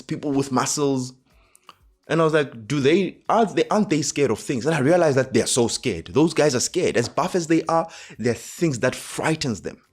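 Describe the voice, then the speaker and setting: A man with a South African accent, hosting a motivational talk and telling a personal story, acting out the dialogue with animation. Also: slightly rough. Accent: South African English. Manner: animated, acts out dialogue with rising pitch. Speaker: host.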